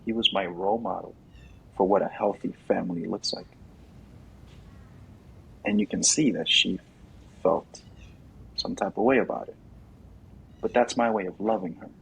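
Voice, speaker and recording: A man speaking as a guest in a casual interview, animated and quick to act out what others say. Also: sits low, vocal fry, husky, rough recording. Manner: animated, acts out quoted voices loudly.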